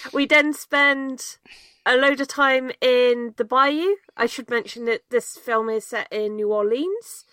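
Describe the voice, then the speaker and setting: A woman's voice: sits high, slow pace, pushed and bright, clear, resonant tone, no echo. A woman co-hosting a podcast, casually summing up a film's story with plenty of ums. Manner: chatty, plenty of ums, laughs easily. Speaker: podcast co-host. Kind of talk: casual film discussion.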